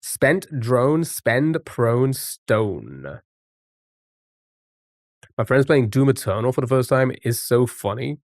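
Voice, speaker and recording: A man's voice: mid-range voice, animated, takes it slowly, pauses often, no echo, clean studio sound. A man live-streaming a word game, chatting casually and greeting viewers by name.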